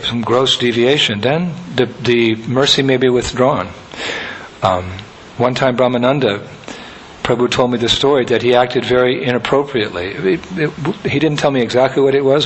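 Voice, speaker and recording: Brief: male spiritual teacher, relaxed anecdotal sermon, soft chuckles, faint noise behind. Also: medium pitch, poor audio. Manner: conversational, anecdotal, with soft laughs.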